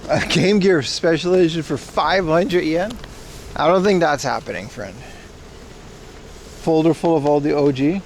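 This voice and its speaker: A man streaming on the move, chatting loosely with his viewers about shops and cars. His voice sits fairly high for a man. Loud street noise and passing cars surround him. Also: normal speed, gravelly, pauses often. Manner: chatty, addresses chat directly. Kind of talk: casual IRL livestream commentary. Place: outdoors on city streets. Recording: noisy outdoor street recording.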